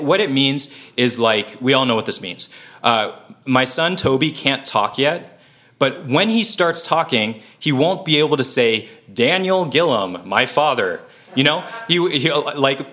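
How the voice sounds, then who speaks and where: A man's voice: mid-range voice, sharp tone. A man giving an earnest, conversational Bible teaching, full of fillers and self-corrections. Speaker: preacher.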